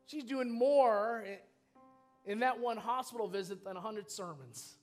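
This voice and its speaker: A man's voice: high voice, normal speed, faint music behind. A male pastor preaching a sermon in a church, telling a personal story with feeling. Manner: storytelling, emotional, animated. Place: church sanctuary.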